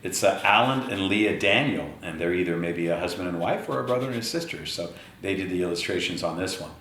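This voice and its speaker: A man reads a children's picture book aloud and talks straight to the kids listening. His voice sits low but swings widely in pitch. The room around him is echoey. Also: brisk, slight background noise. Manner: animated, talks to children directly.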